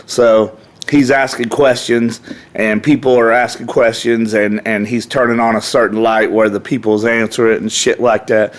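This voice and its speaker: A man's voice: mid-range voice, steady tone, unhurried. This is a middle-aged man, a guest on a podcast who talks in a rowdy, profane way. His voice sits in the middle of a man's range. When he tells a story, he acts out the people in it. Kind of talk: casual storytelling.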